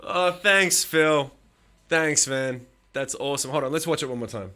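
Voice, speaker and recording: A man's voice: a little high, background noise. A man hosting a live stream, chatting casually with his viewers, swearing often and teasing them with bursts of laughter.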